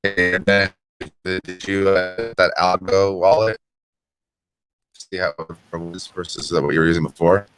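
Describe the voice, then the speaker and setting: Deep-voiced man with a glitchy robotic connection. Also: little pitch movement, unhurried, music in the background, poor audio. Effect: glitchy robotic dropouts from a bad connection. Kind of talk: casual voice chat.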